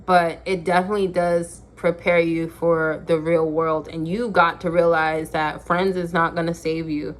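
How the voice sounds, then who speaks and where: A woman's voice: fairly low pitch, little pitch movement, moderate pace, hardly any pauses. A young woman speaking to her phone camera in an emphatic, preachy way. She repeats her points for effect. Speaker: vlogger. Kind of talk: casual talk to camera.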